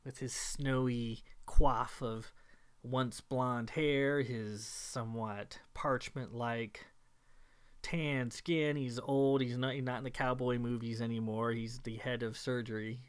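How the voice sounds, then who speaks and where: A man's voice: medium pitch, fairly even intonation, takes it slowly, smooth. A man giving casual film commentary, retelling a plot with wry jokes.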